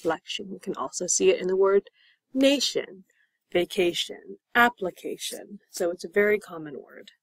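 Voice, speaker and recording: A young woman teaching English as a second language, explaining slowly and patiently, repeating words and spelling them out. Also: mid-range voice, gravelly, no echo, poor audio. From United States. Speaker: ESL teacher. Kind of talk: slow, clear classroom explanation.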